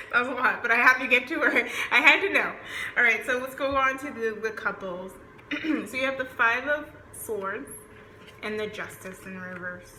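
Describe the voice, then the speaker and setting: Bright-voiced Southern woman reading tarot. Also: mid-range voice. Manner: chatty, rambling, filler-heavy. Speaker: tarot reader. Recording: roomy echo, faint background noise.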